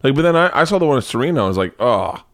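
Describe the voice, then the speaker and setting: A man's voice: a little high, rapid-fire, no echo. A man from the American South hosting a podcast, rambling and swearing in casual comedic chat. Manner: profane, rambling, animated. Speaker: podcast host.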